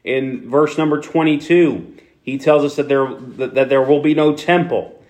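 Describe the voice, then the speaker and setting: A man's voice: medium pitch, fairly even intonation, measured pace, darkish tone. Philadelphia man preaching casually. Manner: conversational preaching with frequent restarts and fillers. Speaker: pastor. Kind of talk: sermon.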